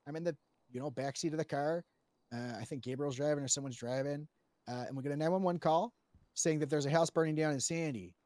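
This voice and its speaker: A man with a somewhat high voice tells a roleplay story to a panel in a loose, rambling way. He restarts his sentences often and swears freely. The sound is close and dry. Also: darkish tone, dry recording.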